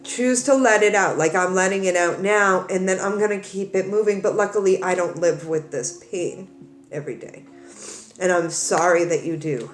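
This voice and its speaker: A woman speaks straight to her viewers as a tarot reader, crying through her earnest, comforting words. Her voice sits a little low, and she often repeats and restarts her phrases. The room echoes, with faint music underneath. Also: moderate pace. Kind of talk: emotional direct-to-camera talk.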